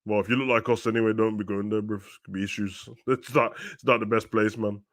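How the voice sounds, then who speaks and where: A young man hosting a live football watch-along, chatting in slang and rising to loud, excited play-by-play. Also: lowish voice, brisk.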